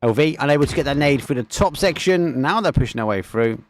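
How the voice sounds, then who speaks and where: This esports caster, an Essex-accented man from England, speaks quickly at medium pitch with lively intonation, calling a live match while chatting casually with his viewers.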